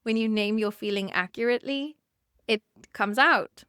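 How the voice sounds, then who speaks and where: A woman's voice: fairly high pitch, moderate pace, smooth, dry recording, studio quality. A woman in her thirties, hosting a podcast alone, speaking candidly and getting choked up with emotion. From South Africa. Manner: candid, emotional, laughs softly. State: choked up, near tears. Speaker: podcast host and therapist. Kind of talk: personal monologue podcast.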